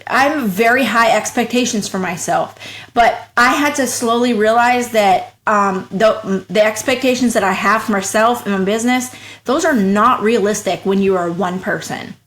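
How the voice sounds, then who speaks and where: A woman talking as a guest in a casual interview, frank and talkative, who acts out her own past thoughts in quoted voices and speaks in quick bursts. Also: mid-range voice, fairly bright tone. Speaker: podcast guest, small business owner.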